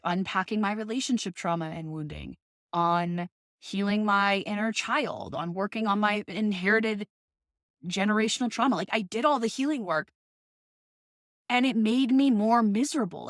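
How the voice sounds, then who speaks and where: A woman's voice: medium pitch, dry recording. Passionate, swearing woman on a dry mic. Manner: passionate, swearing, emphatic rants. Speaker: podcast host. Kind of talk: casual monologue.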